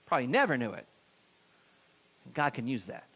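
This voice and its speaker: A man's voice: medium pitch, very animated, brisk, a bit bright, husky. A middle-aged man preaching a sermon in a church, talking conversationally and putting questions to the congregation. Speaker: pastor. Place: church sanctuary.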